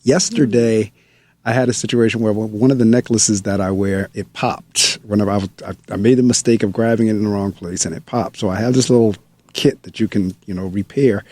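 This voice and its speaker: A man hosting a conversational interview, speaking as a school principal. His voice is mellow and dry, recorded close with little room sound. He tells stories with animated emphasis and repeats phrases to drive a point home. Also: on the low side, brisk, dry recording.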